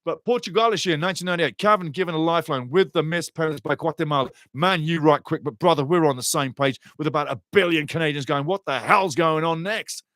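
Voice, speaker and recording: A man giving passionate live fan commentary on a soccer match, excitable and swinging from muttering to shouting. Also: a little high, fast talker, hardly any pauses, no room sound, clean studio sound.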